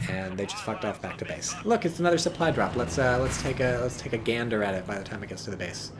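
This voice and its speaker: A man's voice: fairly low pitch, expressive, fast talker, few pauses, noisy background. A man giving casual, rambling commentary on a strategy game, joking and swearing as he goes. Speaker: game caster.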